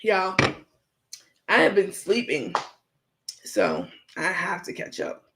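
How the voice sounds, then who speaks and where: A woman's voice: fairly low pitch, very animated, slow, pauses often, fairly bright tone. A woman hosting a casual livestream from home, reading viewer comments aloud and answering them in a frank, chatty way, talking straight to her viewers. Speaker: livestream host.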